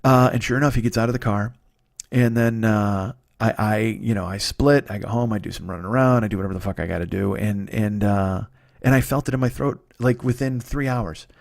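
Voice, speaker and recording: Man podcasting while sick, slightly hoarse, sniffling, profane rambling monologue, dry close sound. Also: on the low side, fairly quick, dry recording. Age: 40s. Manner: rambling, profane, self-mocking. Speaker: podcast host. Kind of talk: casual comedic monologue.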